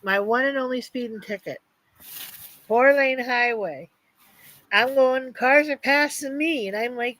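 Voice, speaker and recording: A woman's voice: high-pitched, unhurried, fairly bright tone, no echo, rough recording. A woman hosting a casual chat, telling stories in a drawling way. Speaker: host.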